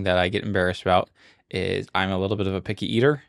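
A young man with a low, gravelly voice chats in a relaxed way on a home podcast. He jokes easily and turns a little self-conscious about himself. It is casual, unscripted talk between co-hosts. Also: fast talker. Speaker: podcast co-host. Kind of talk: casual chat.

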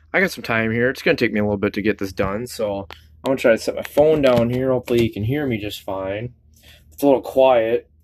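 A man hosting his own podcast in a loose, rambling chat, swearing freely and thinking out loud in a self-conscious way. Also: medium pitch, a little hiss or hum. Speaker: solo podcast host. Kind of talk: casual solo podcast chat.

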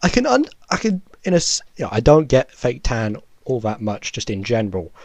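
A man's voice: mid-range voice, huge pitch swings, fairly quick, a little mellow, no echo. Young man, rambling storyteller. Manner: rambling, laughing, self-correcting. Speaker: podcast co-host. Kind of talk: casual storytelling chat.

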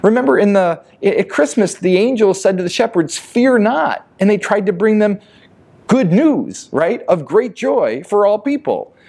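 A man's voice: high-pitched, big pitch swings, moderate pace, mellow, husky. A male pastor delivering a sermon in an earnest, emphatic way, often repeating words as he builds his points. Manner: earnest, emphatic preaching with repetitions.

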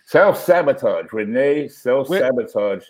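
Animated man telling a story. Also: medium pitch, slow, a crowd in the background. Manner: animated, acts out quotes in voices. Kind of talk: casual storytelling chat.

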